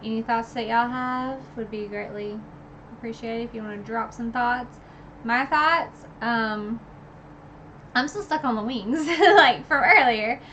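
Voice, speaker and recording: A woman talks through a book's ending in a loose, chatty recap, slowly and with plenty of pauses. Her voice is bright and forward. She rambles from point to point with fillers and asides. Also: fairly high pitch, slight background noise, poor audio. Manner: rambling and chatty, full of "like" and "you know". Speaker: book reviewer streaming a recap. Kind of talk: casual book recap chat.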